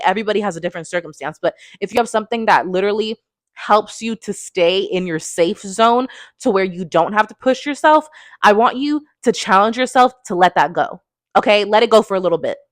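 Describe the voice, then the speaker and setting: A woman in her twenties giving an emphatic, fervent motivational talk into a phone, often tagging her points with a quick question. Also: lowish voice, dry recording, clean studio sound. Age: 20s. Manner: emphatic and fervent, tags lines with "okay?". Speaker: motivational speaker.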